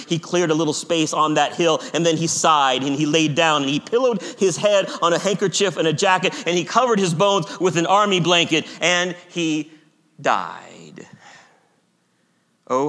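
A man giving an expressive, dramatic story reading, swinging from urgent and loud to hushed and slow. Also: mid-range voice. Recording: long hall reverb.

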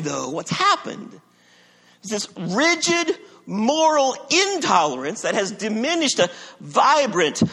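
A man preaching a sermon as pastor, emphatic, moving between loud declarations and quiet low passages. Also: slightly rough. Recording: long reverb of a large hall.

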